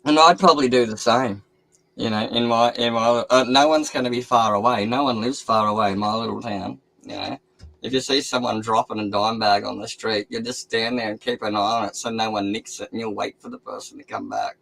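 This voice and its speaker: A man's voice: on the low side, steady tone, a little fast, creaky, fairly bright tone, poor audio. An Australian man telling casual stories in a laid-back, swearing manner. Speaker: stream co-host. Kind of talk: casual storytelling.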